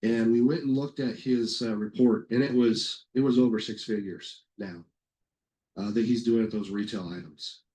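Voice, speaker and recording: A middle-aged man presenting a software webinar in a casual, rambling way, telling anecdotes with lots of fillers and self-corrections. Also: medium pitch, fairly even intonation, normal speed, rough recording.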